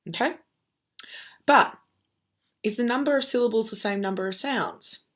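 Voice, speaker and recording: A woman's voice: on the high side, moderate pace, a bit bright. A woman teacher giving a recorded lesson, walking students through a task patiently and checking in with "okay?" after each step.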